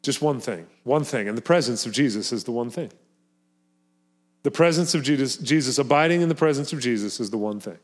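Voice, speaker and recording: A man's voice: medium pitch, lively intonation, brisk. A man preaching a sermon as pastor, talking earnestly and emphatically, often repeating words and phrases for effect.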